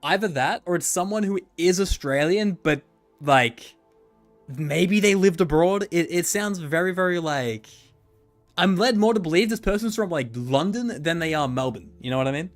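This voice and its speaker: Animated, rambling male game streamer. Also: high-pitched, normal speed. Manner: rambling, joking, swears freely. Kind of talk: casual livestream commentary. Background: faint background music.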